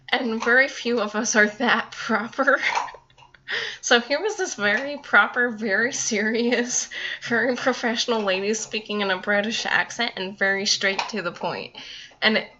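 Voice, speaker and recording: A young woman with a bright, forward voice chats to her viewers in a loose, rambling way, laughing now and then. The recording is a bit dull and lo-fi. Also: mid-range voice, a little hiss or hum. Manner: rambling, chatty, laughs often. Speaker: vlogger. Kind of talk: casual talk to camera.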